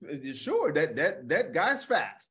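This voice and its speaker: A man's voice: a little high, very animated, takes it slowly, fairly bright tone. A male comedian co-hosting a podcast, chatting casually and animatedly, often repeating words as he starts a thought.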